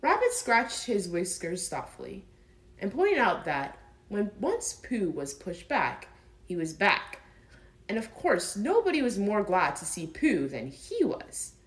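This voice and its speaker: A woman narrating a classic children's storybook as an audiobook, reading gently and expressively. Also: medium pitch, huge pitch swings, a little slow, low-quality recording.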